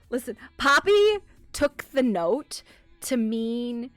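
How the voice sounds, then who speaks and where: A woman's voice: fairly high pitch, sing-song, drawn-out words, fairly bright tone, no room sound, faint music behind. A woman streamer chatting casually about her roleplay character, rambling with fillers, swearing and laughs. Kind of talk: casual live-stream chat.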